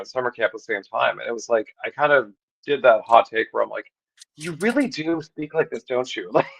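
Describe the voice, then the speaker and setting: A man's voice: medium pitch, creaky, fairly bright tone, breathy edge, no room sound, low-quality recording. A man chatting as a guest on a livestream, rambling with lots of "like" and laughing as he goes. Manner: rambling, heavy use of "like", laughs mid-sentence. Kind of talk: casual livestream chat.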